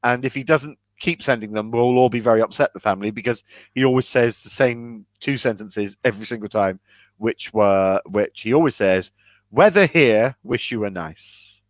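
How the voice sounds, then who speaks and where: A man's voice: fairly low pitch, brisk, no room sound. A man co-hosting a casual comedy chat, telling wry, self-deprecating stories. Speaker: co-host.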